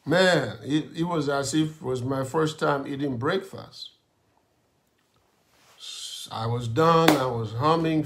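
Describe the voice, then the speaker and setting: A male pastor preaching a sermon and telling a personal testimony in a slow, dramatic storytelling manner. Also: fairly high pitch, fairly bright tone. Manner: slow, dramatic storytelling with grumbling asides and laughs.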